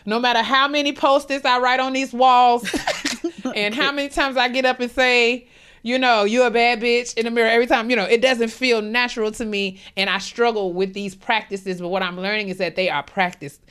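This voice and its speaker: A woman's voice: a little high, steady tone, normal speed, a bit bright, clear, resonant tone. A young adult woman co-hosting a podcast, talking candidly and a bit rambling, with casual slang and easy laughs. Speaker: podcast co-host.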